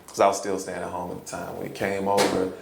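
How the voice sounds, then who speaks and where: Chicago man, deep gravelly voice, earnest halting storyteller, echoey room. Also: completely flat delivery, noisy background. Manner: earnest, halting, repeats words, laughs often. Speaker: hip-hop poet guest. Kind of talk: personal storytelling interview. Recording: roomy echo, faint ambience.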